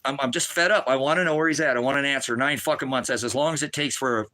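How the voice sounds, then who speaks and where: A middle-aged man preaching on a livestream, ranting in anger with constant swearing, swinging between shouting and low muttering. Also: rapid-fire. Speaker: ministry preacher. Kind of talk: angry livestream rant.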